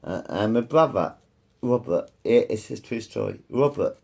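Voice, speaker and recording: A man in his fifties with a gravelly, rough-edged voice tells loose personal stories. His pitch swings up and down with lively expression. He repeats himself often and swears without pause. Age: 50s. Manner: repetitive, circles back and swears freely. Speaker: vlogger. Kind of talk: rambling personal storytelling.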